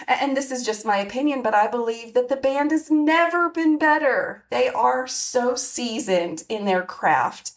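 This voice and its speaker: A woman in her forties hosting a podcast, talking candidly and reflectively with many fillers and restarts. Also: medium pitch. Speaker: podcast host. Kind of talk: personal monologue.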